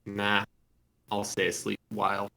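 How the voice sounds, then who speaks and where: A man's voice: on the low side, completely flat delivery, normal speed, vocal fry, bright, forceful tone, soft background music, pitched below the performer's own voice. A man reading a laid-back teenage boy's lines.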